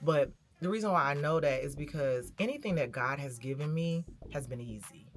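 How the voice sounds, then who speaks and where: Woman, low voice, casual vlog, candid and reflective, talks to viewers. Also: normal speed. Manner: candid, reflective storytelling that addresses viewers directly. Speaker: vlogger.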